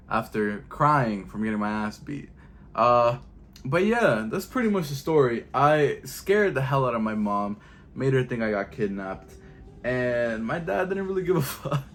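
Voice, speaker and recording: A young man telling a story in a casual vlog, animated and full of slang and swearing. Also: mid-range voice. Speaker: YouTube storyteller.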